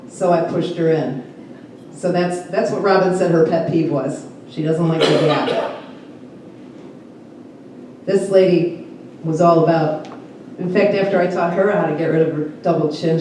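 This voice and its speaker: A woman's voice: fairly low pitch, warm tone, slight background noise. A woman event photographer giving a casual talk to a photo club. She is chatty, laughs often and makes jokes at her own expense. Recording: very echoey room, voice picked up from far off.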